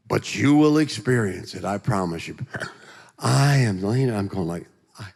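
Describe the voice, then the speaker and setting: An animated man giving his testimony from a church platform, joking and acting out voices as he goes. His fairly low voice carries a long reverb through the church sanctuary. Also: unhurried. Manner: animated, joking storyteller who acts out voices. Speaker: guest speaker giving a testimony.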